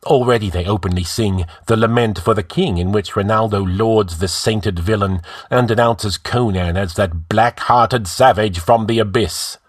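A man's voice: lowish voice, moderate pace, few pauses, no room sound, clean studio sound, voice pushed up, close to an everyday voice. A man voicing an arrogant, scheming male outlaw who gives orders in a commanding, scornful way.

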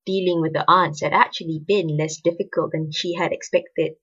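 A woman reads a story aloud with expressive narration. Her voice is low and husky. The recording is dull and lo-fi. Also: moderate pace.

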